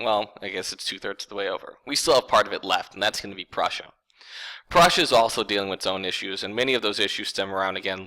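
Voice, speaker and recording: A man with a lowish, pushed and bright voice gives a history lecture over a rough recording. He keeps it casual and conversational, speaking directly to his viewers and calling them "folks."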